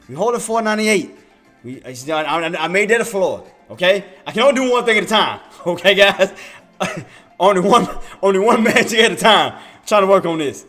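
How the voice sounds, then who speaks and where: A high-pitched man gives live trading commentary, joking and laughing as he goes. He repeats phrases over and over to hype himself up, and faint music plays behind him. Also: animated, normal speed, fairly bright tone. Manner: playful, laughs often; repetitive, hypes himself up. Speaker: day trader streamer.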